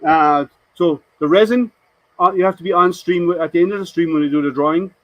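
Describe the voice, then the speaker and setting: A man's voice: a little high, a little fast, dry recording, lo-fi sound. A man hosting a casual live stream, chatting to viewers and answering their comments with rambling, hesitant talk.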